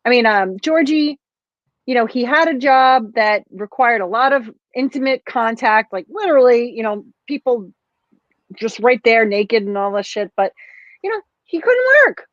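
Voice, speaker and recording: A woman's voice: on the high side, normal speed, no echo. A woman co-hosting a podcast, ranting bluntly in casual chat and swearing freely. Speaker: podcast co-host. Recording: dull dry lo-fi sound.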